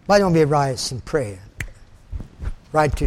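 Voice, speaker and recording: A man's voice: a little high, animated, takes it slowly, pauses often. An older man preaching a sermon with fervor, repeating phrases for emphasis and quoting scripture in old-fashioned wording.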